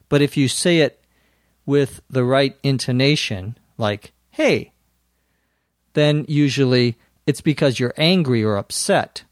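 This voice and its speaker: A man's voice: mid-range voice, dry recording. A man hosting an English-learning podcast, patiently explaining words with a bit of dry humour. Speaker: English teacher, podcast host. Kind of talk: explaining a lesson.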